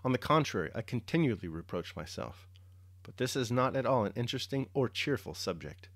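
A man's voice: mid-range voice, expressive, brisk, dry recording, studio quality, natural voice. A man voicing a reserved, melancholy young count in a dramatic reading, speaking in a restrained, subdued way. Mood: curt.

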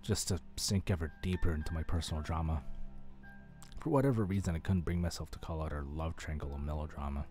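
Deep-voiced man reading a story aloud. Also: quick pace, faint music behind. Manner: relaxed, steady narration with occasional restarts. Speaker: streamer. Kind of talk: reading a visual novel aloud on a live stream.

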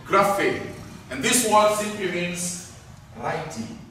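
A man preaching a sermon, emphatic, repeating key words and swinging between loud and soft. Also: sits high, expressive, takes it slowly, slight background noise. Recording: echoey hall, distant mic.

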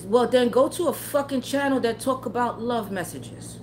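A fairly high-voiced woman, talking to her live chat as a tarot streamer. She rants bluntly and swears constantly, and there is faint noise behind her. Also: moderate pace, a little mellow. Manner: blunt, profane, heated, often laughing. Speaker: tarot livestreamer. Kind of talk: profane casual rant to live chat.

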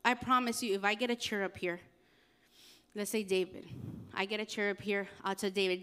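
A young adult woman, a youth pastor, preaching a casual youth sermon in a chatty, animated way with slangy asides. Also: medium pitch, brisk, smooth.

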